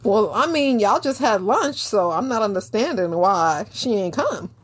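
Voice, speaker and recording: A woman co-hosting a casual chat, chiming in with laughs and quick reactions. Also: mid-range voice, animated, no echo. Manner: slow, laughing reactions and interjections. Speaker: podcast co-host.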